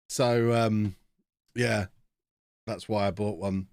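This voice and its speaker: A man's voice: fairly low pitch, steady tone, slow pace, darkish tone, no room sound. A man in his thirties, chatting casually with viewers while reacting to a live game stream.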